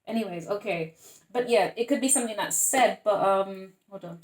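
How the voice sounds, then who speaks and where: A woman's voice: mid-range voice, huge pitch swings, takes it slowly, vocal fry, pauses often, reverberant, a little hiss or hum. A woman giving a casual tarot reading, chatty and blunt, swearing freely as she talks to her viewers. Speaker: tarot reader.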